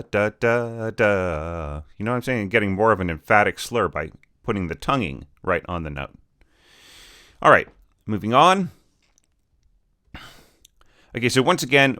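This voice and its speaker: Low, smooth-voiced man teaching orchestration. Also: a bit bright, no echo, studio quality. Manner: hums and scats musical lines to show phrasing; loose and conversational with many fillers. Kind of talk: informal spoken critique of student scores.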